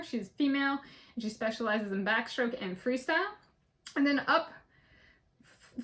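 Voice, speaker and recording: A woman vlogger talking casually and methodically through a list, with many fillers and restarts. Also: fairly high pitch. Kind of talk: casual spoken list walkthrough.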